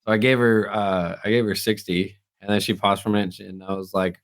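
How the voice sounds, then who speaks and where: A man's voice: on the low side, flat delivery, a little fast. A man co-hosting a casual podcast, telling a story, acting out other people's lines and laughing often. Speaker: podcast co-host. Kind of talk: casual chat.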